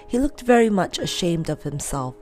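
Lively woman reading a children's story. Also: lowish voice, normal speed, faint music behind. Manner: lively, expressive.

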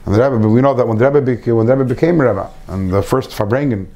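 A man's voice: mid-range voice, quick pace, warm tone. A man giving an informal Torah lesson to a small group, earnest, repeating phrases and mixing in Hebrew terms. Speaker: Torah class teacher.

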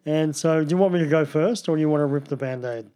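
A man's voice: fairly high pitch, fast, mellow. Chatty man hosting a podcast. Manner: chatty, laughs often. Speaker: podcast host. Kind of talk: casual chat.

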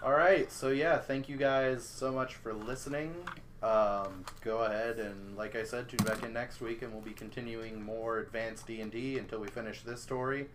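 A man's voice: mid-range voice, steady tone, moderate pace, noisy background. A man acting as game master in a casual tabletop game, narrating rolls with easy chuckles.

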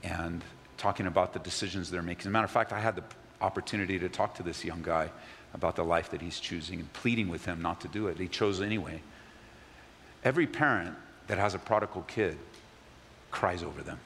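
A man preaching a sermon as pastor, telling stories with animated acted asides, in a church sanctuary. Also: low-pitched, a little fast, creaky, a little hiss or hum. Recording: long hall reverb.

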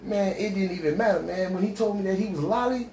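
A high-sitting, darkish male voice carries a long, meandering story told casually, thick with street slang and acted-out dialogue. The telling is halting, full of fillers and false starts. Background noise and echo fill the room.

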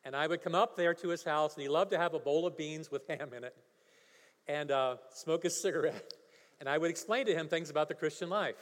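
A male pastor preaching a sermon, telling a story and building to emphatic preaching. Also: a little high. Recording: long hall reverb.

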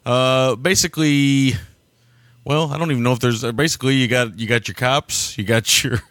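A man's voice: mid-range voice, fairly even intonation, normal speed, a bit bright, no room sound, studio quality. A man co-hosting a casual film chat podcast, rambling, chuckling and tripping over foreign names. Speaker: podcast co-host.

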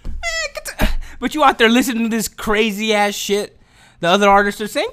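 A man's voice: high-pitched, fairly even intonation, brisk, pushed and bright. A young man ranting casually on camera, profane and slangy, often restarting and repeating his words. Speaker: commentator. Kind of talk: casual opinion rant.

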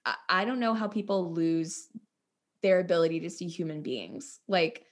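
A woman's voice: lowish voice, expressive, moderate pace. A young woman co-hosting a casual chat, blunt and outspoken, swearing freely and telling stories with acted-out quotes. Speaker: podcast co-host.

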